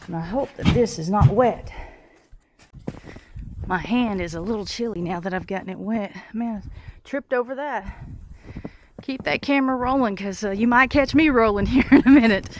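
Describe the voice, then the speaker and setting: A woman with a mid-range voice vlogs breathlessly from her snowy homestead while feeding the animals, the tripod camera picking up heavy background noise. Her narration of the chores is casual and chatty, and she talks to the animals and thinks out loud.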